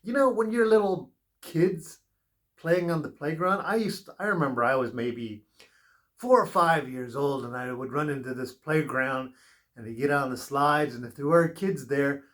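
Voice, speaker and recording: A man's voice: fairly high pitch, moderate pace, a bit bright. A man giving a spiritual tarot reading in an earnest, rambling, advice-giving way, drifting into personal stories. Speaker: tarot reader.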